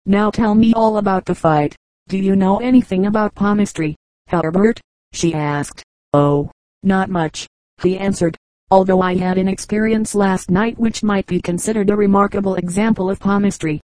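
A woman reading a book of short jokes aloud, moving quickly between narration and quoted speakers. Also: medium pitch, darkish tone, no room sound, low-quality recording. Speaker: audiobook reader.

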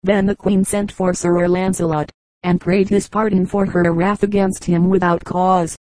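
A woman narrating an audiobook of an old legend, measured and even. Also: fairly low pitch, no room sound, poor audio. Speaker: audiobook reader. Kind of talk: scripted narration.

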